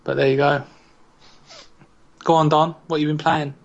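A man's voice: a little high, flat delivery, normal speed, dull audio. A British man hosting a casual podcast, joking and teasing his co-hosts. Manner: jokey, teasing banter. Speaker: podcast host. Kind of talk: casual chat.

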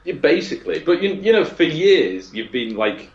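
A man's voice: on the high side, sing-song, normal speed, muffled recording. A man guest on a podcast, joking with goofy enthusiasm in casual chat.

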